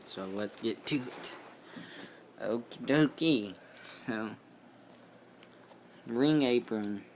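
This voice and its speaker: Speaking at a medium pitch, a young man draws out his words and pauses often while reviewing a toy wrestling ring at home. The rambling, unscripted video is recorded on the camera mic with slight background noise.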